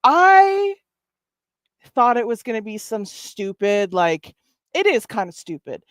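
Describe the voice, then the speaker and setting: Woman streamer, slow talker, laughs and swears constantly, bit high voice. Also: very animated, no echo. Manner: laughs a lot, swears, talks to chat. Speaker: streamer reacting to videos. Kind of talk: casual reaction stream.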